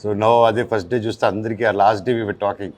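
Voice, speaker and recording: A man's voice: fairly low pitch, steady tone. A man with an Indian English accent, an actor telling stories in an interview and switching between English and Telugu. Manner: fast storyteller, switches between English and Telugu mid-sentence. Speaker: actor guest. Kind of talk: casual interview chat.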